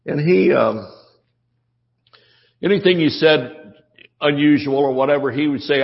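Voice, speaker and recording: A man's voice: medium pitch, brisk, vocal fry. A man preaching a sermon as pastor, folksy and joking, acting out the quotes of the people he talks about. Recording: dull lo-fi sermon audio.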